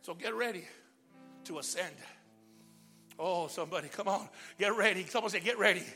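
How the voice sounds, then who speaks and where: High-pitched shouting preacher with music behind. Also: male voice, moderate pace. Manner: preaching with call-and-response, swinging from shouts to hushed prayer. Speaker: pastor. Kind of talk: sermon.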